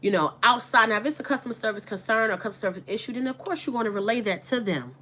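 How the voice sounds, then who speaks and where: A woman's voice: a little high, animated, very fast, sharp tone. A woman who runs an online boutique, chatting casually and candidly to her viewers. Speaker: online boutique owner and vlogger. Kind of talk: casual chat to camera.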